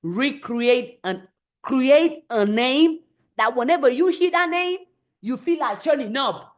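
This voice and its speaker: A woman with a high voice hosts a motivational live stream. She talks emphatically, hammering home her points by repeating phrases. She often slips into acted voices when she quotes people. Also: lively intonation, slow pace.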